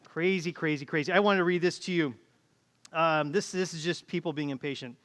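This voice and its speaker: A man's voice: a little high, fairly quick, a bit bright. Man, pastor, conversational sermon, acts out quotes, echoing church hall. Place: church auditorium.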